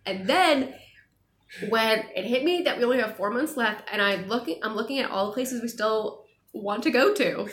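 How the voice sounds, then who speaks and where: A young woman chats casually with viewers, answering their questions in an animated way. Her voice sits on the higher side. The room has a noticeable echo. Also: a little hiss or hum. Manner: chatty, animated, quick laughs. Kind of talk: casual chat. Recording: echoey room.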